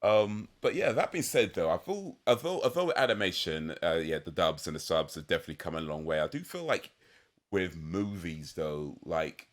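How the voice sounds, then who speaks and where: Deep-voiced hesitant man hosting a podcast. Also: animated, normal speed. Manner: hesitant, many ums and restarts. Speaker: podcast host. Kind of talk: casual chat.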